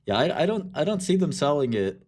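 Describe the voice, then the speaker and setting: A man's voice: fairly high pitch, sing-song, fairly quick, a little mellow. A man giving casual, irreverent commentary on a stock market live stream, rambling and jokey.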